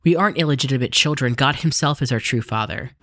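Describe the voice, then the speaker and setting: A man's voice: mid-range voice, fast, fairly bright tone, dry recording, lightly acted. A man voicing an indignant crowd that challenges with incredulous questions. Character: indignant crowd of arguing men.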